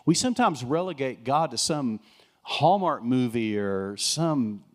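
A middle-aged man preaches about his own marriage before a congregation. He talks earnestly, leaning into his key lines and keeping the tone friendly with quick jokes. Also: mid-range voice, lively intonation. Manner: earnest, preacherly, with joking asides. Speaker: pastor sharing testimony. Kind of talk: sermon-style testimony.

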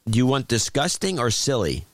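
This is a man hosting a talk show, loose and opinionated, with a wry, blunt edge. His pitch swings widely as he talks. The sound is close and dry, with no room around it. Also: huge pitch swings, dry recording. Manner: blunt, wry, halting with restarts. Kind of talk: casual opinionated chat.

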